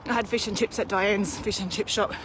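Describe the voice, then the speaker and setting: A woman's voice: medium pitch, fairly even intonation, a little fast, noisy background. A woman in her thirties, out of breath, chatting candidly in a live video while pushing a pram uphill outdoors. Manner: chatty, candid, self-deprecating. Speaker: vlogger. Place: outdoors on a hilly street.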